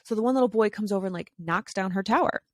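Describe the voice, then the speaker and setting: A woman in her thirties hosting a podcast, telling stories in a casual monologue and acting out the dialogue with quick voice shifts. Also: medium pitch, dry recording, studio quality. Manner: chatty with frequent fillers and laughs. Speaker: podcast host.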